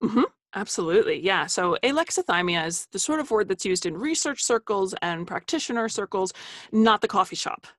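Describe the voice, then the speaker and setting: A woman's voice: mid-range voice, animated, fairly quick, fairly bright tone, dry recording, studio quality. A woman author being interviewed on a podcast, explaining ideas earnestly and laughing easily. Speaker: author and guest.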